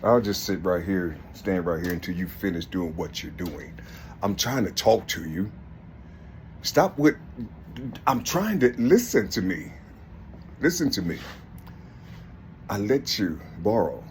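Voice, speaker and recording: A man's voice: low-pitched, very animated, unhurried, long pauses, a little mellow, slight background noise. A man talking in a rambling, casual monologue, laughing often and repeating "listen" and "you see" as he addresses an unseen listener.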